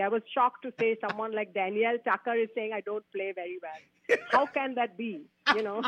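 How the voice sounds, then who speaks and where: A woman's voice: mid-range voice, no room sound. A woman golf instructor, a guest on a radio show, chatting casually, laughing often and restarting her phrases. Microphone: phone call. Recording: tinny dry phone line.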